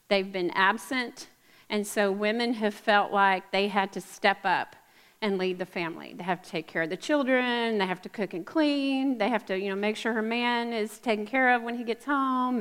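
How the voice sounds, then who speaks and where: A woman preaches to a live audience on a stage mic, reading scripture and then chatting with asides. Her voice sits at a middle pitch. A long echo from a large hall hangs on every word. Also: fairly bright tone, smooth. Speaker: women's ministry speaker. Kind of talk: sermon with Bible reading. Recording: echoey hall.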